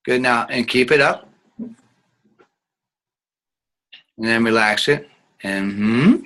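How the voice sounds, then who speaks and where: A man's voice: mid-range voice, steady tone, slow, sharp tone, poor audio. A man teaching an online acting class, guiding students patiently and showing each sound with hums.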